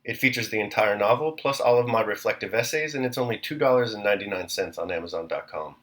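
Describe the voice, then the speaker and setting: A man hosting and reading a classic novel aloud chapter by chapter, in a measured, clear narration. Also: on the low side, fairly bright tone. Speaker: host and reader. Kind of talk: audiobook narration.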